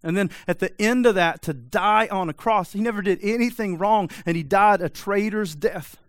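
A man's voice: high-pitched, moderate pace, no room sound. A man preaching a sermon, pressing his listeners with repeated rhetorical questions in a direct, urgent manner. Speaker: pastor.

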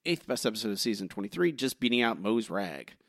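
A man reads listener reviews on a casual podcast with a wry delivery. His pitch moves around a lot. The recording is dry and close. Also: very animated, fast talker, fairly bright tone, no echo. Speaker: podcast co-host.

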